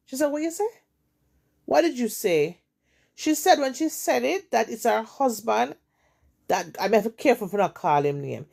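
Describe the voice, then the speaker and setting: Jamaican woman host with a gravelly voice, retelling gossip with emphatic, repetitive drama. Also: medium pitch, a little mellow. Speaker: storytelling host. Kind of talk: retelling a story in casual chat.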